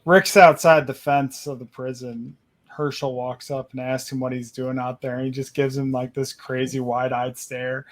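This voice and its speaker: A man's voice: mid-range voice, level tone, normal speed. Man, mid-range voice, laid-back stream chatter, likes retelling scenes. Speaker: artist on a group stream. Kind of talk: casual chat.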